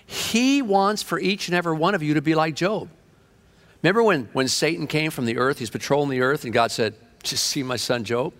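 A man preaching a sermon with fervent energy, telling stories and shifting between quick and drawn-out phrases. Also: on the high side, a bit bright.

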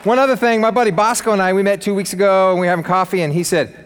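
A man's voice: sits high, fairly even intonation, very fast, noisy background. A male pastor preaching a sermon to his congregation in an easygoing, enthusiastic way, joking with the room between points. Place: church sanctuary. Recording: long reverb of a large hall.

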